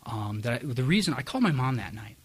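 Mid-pitched man, confessional testimony, self-mocking humor. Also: big pitch swings, quick pace, husky. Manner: candid, self-deprecating, with wry chuckles. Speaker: speaker sharing his story at a recovery meeting. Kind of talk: personal testimony.

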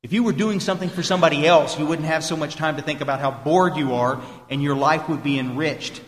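A man's voice: a little high, quick pace, slight background noise. A man giving an emphatic, folksy talk to a recovery meeting. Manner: folksy, emphatic, quotes people in voices. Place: meeting room. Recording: echoey hall, live talk recording.

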